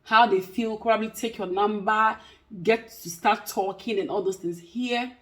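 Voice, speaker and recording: A woman's voice: medium pitch, steady tone, unhurried, fairly bright tone. Emphatic woman. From Africa. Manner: emphatic, repeats points for stress. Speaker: vlogger and care worker. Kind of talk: casual talk to camera.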